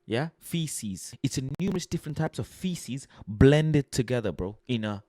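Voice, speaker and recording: Slangy lad ranting, dry sound. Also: male voice, mid-range voice, lively intonation, moderate pace, dark tone, no room sound. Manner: blunt, slangy, swearing, exasperated. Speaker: football fan vlogger. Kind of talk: casual rant reading out quotes. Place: home at night.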